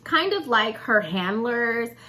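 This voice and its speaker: A woman co-hosting a casual audiobook chat, her pitch swinging in lively leaps. Her voice is bright and forward. She talks loosely, with slang and fillers like "um" and "like.". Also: measured pace, slight background noise. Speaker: podcast co-host.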